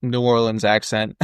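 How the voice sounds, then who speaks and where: A man's voice: medium pitch, no echo. Man, casual podcast co-host, rambling, filler-heavy, dry close mic. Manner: rambling, lots of fillers and jokey asides. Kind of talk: casual movie-discussion chat.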